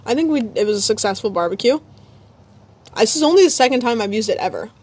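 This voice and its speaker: A woman's voice: fairly high pitch, lively intonation, fast, a little mellow, breathy edge. Chatty woman streaming from her phone. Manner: chatty, rambling, talks to her dog and chat. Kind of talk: casual live-stream chat. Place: home, outdoors by a grill.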